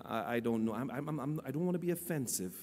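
A man preaching a storytelling sermon, animated, stammering and repeating his words. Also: medium pitch, quick pace. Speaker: lay preacher and church teacher. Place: church hall. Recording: long church hall reverb.

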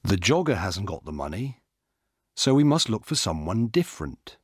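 A man's voice: fairly low pitch, sing-song, moderate pace, breathy edge, no echo, clean studio sound. A man reading the part of a male police officer, firm and in charge, giving orders. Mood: steady.

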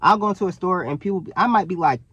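A young man, talking casually to camera in an animated way, full of fillers and self-corrections. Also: high-pitched, fast, breathy edge, no echo. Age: young adult. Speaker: vlogger. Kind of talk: casual direct-to-camera talk.

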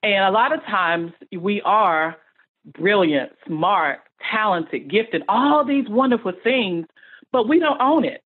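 A woman's voice: medium pitch, lively intonation, slow, husky. A middle-aged woman speaking as a podcast guest, earnest and motivational, building emphatic lists of words. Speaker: guest, speech-language pathologist. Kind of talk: podcast interview. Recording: tinny phone-like line.

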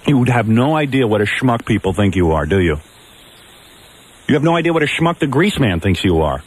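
A man's voice: mid-range voice, big pitch swings, fairly quick, breathy edge. A man in his thirties hosting morning radio, ranting and taunting a rival with brash, mocking insults. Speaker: radio host.

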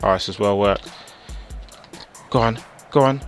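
A young man with a tired, sore-throated voice giving casual gameplay commentary that jumps into excited shouting. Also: on the low side, unhurried, long pauses, faint music behind. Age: young adult. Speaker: gaming YouTuber.

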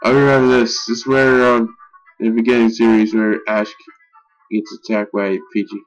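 A young man giving casual gameplay commentary, excitable and easily frustrated, swearing and yelling at his game. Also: on the low side, moderate pace, muffled recording, faint music behind. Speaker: let's play gamer.

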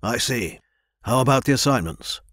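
A man voicing an aloof, authoritative noble lord who speaks in a measured way. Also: medium pitch, expressive, a bit bright, dry recording, studio quality, lightly acted. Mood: lordly.

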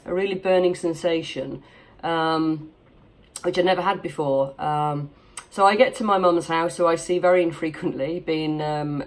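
Vlogger, female, 40s, from Yorkshire: slightly low-pitched, candid and chatty, speaking to camera from a home office. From Yorkshire, England. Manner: candid, chatty and lightly joking. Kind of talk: personal storytelling to camera.

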